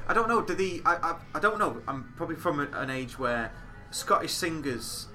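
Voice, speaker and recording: Bright-voiced man in his thirties. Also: on the high side, moderate pace, faint music behind. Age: 30s. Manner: animated, swearing, laughing asides. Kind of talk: casual chat.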